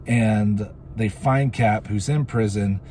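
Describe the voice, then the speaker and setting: A man's voice: lowish voice, takes it slowly, darkish tone, a little hiss or hum. Rambling man recapping an episode. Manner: rambling, goofy asides, many fillers. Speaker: show reviewer.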